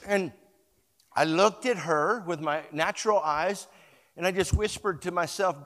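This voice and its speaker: A male pastor preaches a sermon built around a story, shifting from hushed retelling to loud, emphatic exhortation and having the congregation repeat words after him. His voice is high and unhurried, and the sound is that of a big room.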